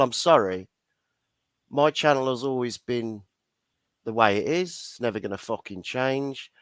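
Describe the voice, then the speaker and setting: A man's voice: mid-range voice, no room sound. A man hosting a casual livestream chat, blunt and full of swearing, laughing often. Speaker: livestream host.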